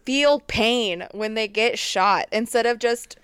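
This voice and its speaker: A woman's voice: a little high, slow, a bit bright, clean tone, dry recording. A woman chatting casually on a podcast, an enthusiastic fan who acts out quoted lines.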